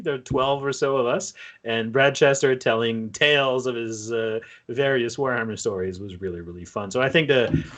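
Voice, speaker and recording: This is a talkative man hosting a laid-back podcast, chatting freely among friends. His voice sits at an ordinary middle pitch, and he keeps up an easygoing, conversational flow. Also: fairly bright tone. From Canada. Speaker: podcast host. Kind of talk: casual podcast chat.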